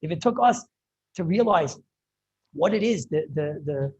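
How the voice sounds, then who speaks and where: A man, a rabbi, giving an impassioned Torah lecture over a video call, often halting and repeating words as he searches for them. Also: on the high side, animated, darkish tone, breathy edge, muffled recording. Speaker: rabbi teaching a class.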